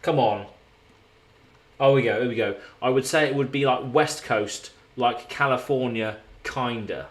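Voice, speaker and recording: A man's voice: mid-range voice, unhurried. A man streaming from a hotel room, chatting casually and rambling as he answers viewers in his live chat.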